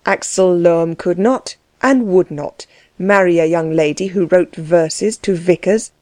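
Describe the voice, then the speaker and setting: A woman narrating a novel in a steady, measured reading. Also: fairly low pitch, dry recording. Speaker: audiobook narrator. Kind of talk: scripted narration.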